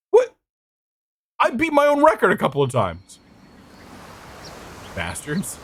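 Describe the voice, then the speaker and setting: A male streamer talking his way through a game in casual commentary. He swears freely and laughs at his own failures, and his pitch jumps up and down a lot. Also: wildly swooping pitch, a little slow, pauses often, slight background noise. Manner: chatty and swears often, with frequent laughs and self-talk.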